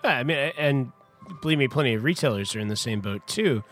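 A man's voice: mid-range voice, animated, quick pace, faint music behind. A man in a casual podcast conversation, telling a long story about wine history in a chatty, rambling way full of restarts and asides. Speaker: wine importer guest.

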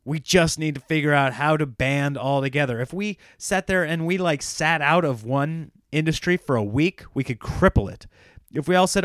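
A man's voice: on the high side, moderate pace, a bit bright, no room sound, studio quality. An American man, a comedian, ranting casually and sarcastically, often laughing at his own points.

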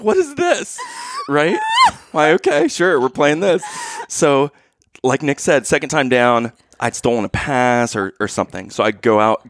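A man telling a funny story in casual chat, animated and laughing, acting out what people said. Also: medium pitch, no room sound, clean studio sound. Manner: animated, laughing, acts out quotes.

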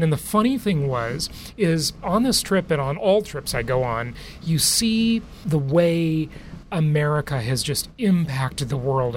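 Chatty male podcast host, slightly high voice. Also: slight background noise. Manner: chatty, laughs often, storytelling. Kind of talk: casual monologue and interview. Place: aboard a cruise ship.

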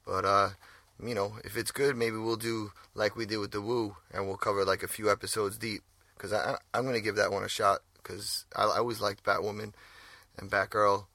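Gravelly laid-back New man. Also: fairly low pitch, level tone, brisk, sharp tone, no echo. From New York. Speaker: podcast co-host. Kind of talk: casual chat.

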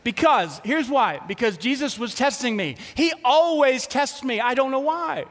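A man preaching a sermon as pastor, telling a story with lively acted-out quotes. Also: very high voice, moderate pace, long reverb tail.

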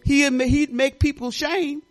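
An older woman pastor from Detroit giving a folksy, animated sermon, talking straight to the congregation with laughing asides. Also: high voice, unhurried. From Detroit, Michigan.

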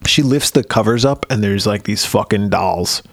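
A man co-hosting a casual podcast, recapping a horror movie in a laid-back way, swearing a lot and dropping into low, gruff voices for the characters. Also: normal speed, fairly bright tone, no echo, clean studio sound. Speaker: podcast co-host.

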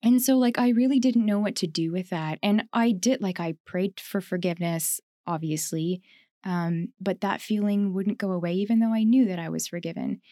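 A chatty woman tells a personal story in a relaxed conversation and often breaks into laughter. Her voice is at a middle pitch and sounds close to the mic. The room is dry. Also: normal speed, no echo. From Canada. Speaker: podcast co-host. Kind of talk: casual reflective conversation.

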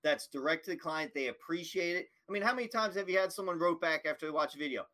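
A man's voice: fairly high pitch, fast, bright, forceful tone. A man hosting a casual podcast conversation, talking in an enthusiastic, affirming way. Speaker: podcast host.

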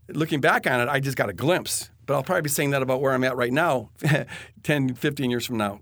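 A man telling a personal faith story in an earnest, halting way, often restarting his sentences. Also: a little high, a bit bright, dry recording, studio quality. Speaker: guest telling his testimony.

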